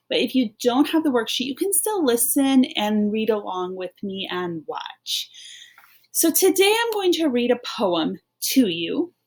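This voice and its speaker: A woman teaching a phonics lesson online, taking her time over every word. She talks slowly and patiently, encouraging young readers as she reads a poem with them and points out its rhymes. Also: on the high side.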